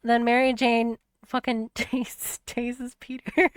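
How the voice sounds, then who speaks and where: A woman's voice: a little high, flat delivery, slow pace, clean tone, no room sound. A woman hosting a stream, chatting casually about a video game and retelling scenes with many restarts. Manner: rambling, many restarts, laughs easily. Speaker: streamer host.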